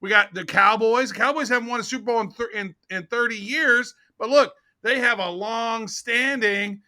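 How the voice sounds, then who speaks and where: A man with a high, very bright voice talks sports on a podcast. He is excitable and casual and keeps saying "dude". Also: moderate pace. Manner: excitable, says dude a lot. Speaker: podcast co-host.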